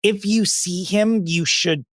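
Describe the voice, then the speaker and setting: A man's voice: high voice, takes it slowly, a bit bright, no echo. Wry, profane young man co-host. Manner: dry, profane, wry asides. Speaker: podcast co-host. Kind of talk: casual comedic chat.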